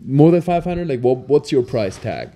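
A man's voice: medium pitch, animated, moderate pace, mellow. A young man hosting a casual podcast chat, joking and laughing often. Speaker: podcast host.

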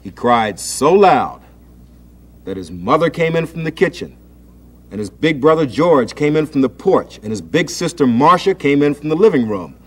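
A man hosting a 1960s children's show, reading a storybook aloud in a gentle, expressive way. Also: on the high side, moderate pace, slightly rough. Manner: gentle, expressive storytelling, acting out the family's voices. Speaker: children's TV host. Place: TV studio set.

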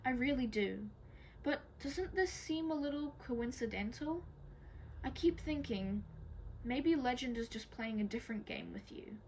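A woman's voice: high voice, expressive, measured pace, darkish tone, a little hiss or hum. Woman reading anxious young older sister, pleading, urgent, storybook reading. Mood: worried.

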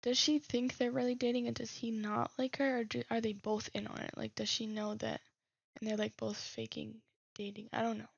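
Woman streamer with a heavy vocal fry and a flat, slightly high voice, reading messages aloud, on a dull lo-fi recording. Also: a little fast, no echo. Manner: reads text messages aloud and muses over them. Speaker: game streamer. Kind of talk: casual let's-play commentary.

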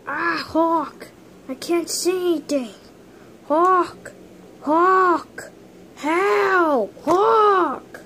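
A woman voicing a panicked, injured hero who yells frantically for help while role-playing game characters. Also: drawn-out words, slight background noise, heavily acted. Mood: frantic, pained. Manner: shrill, frantic yelling.

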